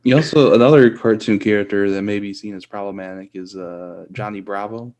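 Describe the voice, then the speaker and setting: Low-key hesitant young man. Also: brisk, a little mellow. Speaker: podcast co-host. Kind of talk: casual comedic chat.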